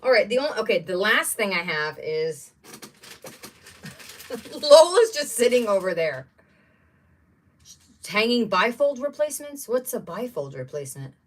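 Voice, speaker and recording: A woman's voice: mid-range voice, very animated, measured pace, long pauses. A woman hosting a casual craft livestream, chatting and exclaiming over each item she unboxes. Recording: voice somewhat distant from the mic.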